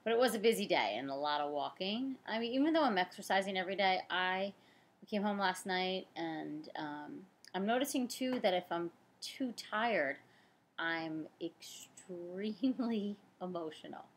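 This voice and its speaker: A woman's voice: medium pitch, normal speed. A woman in her forties talking candidly and casually in a personal vlog update, tired and chatty. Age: 40s. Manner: candid and chatty, with frequent fillers and self-corrections. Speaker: fertility practitioner. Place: home, on the couch.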